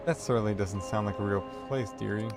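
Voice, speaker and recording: A man's voice: on the low side, fairly quick, loud music behind the voice, close to an everyday voice. A man doing a prim older librarian lady. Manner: sweetly evasive, calls people dearie.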